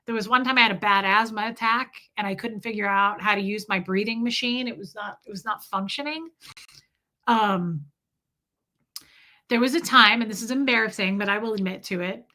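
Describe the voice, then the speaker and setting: A woman's voice: medium pitch, moderate pace, sharp tone. A woman hosting a livestream and telling a candid, rambling personal story to her chat. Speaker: livestream host. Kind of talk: casual storytelling to live chat.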